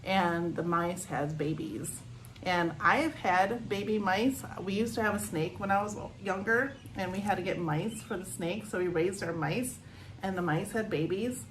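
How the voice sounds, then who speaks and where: A woman working as a youth librarian, giving a chatty, animated book talk for children from a porch at home. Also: mid-range voice, normal speed, slight background noise, low-quality recording.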